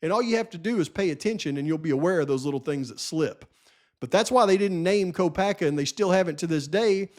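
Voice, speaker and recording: A man's voice: high voice, quick pace. A man hosting his own channel, giving a solo commentary in an insistent, lecturing way, sounding frustrated. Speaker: channel host. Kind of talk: solo true-crime commentary.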